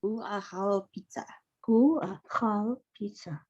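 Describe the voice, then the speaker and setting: A woman student in an online language class, repeating phrases haltingly and asking how words are said. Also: medium pitch, darkish tone, slightly rough, highs cut off. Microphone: video call.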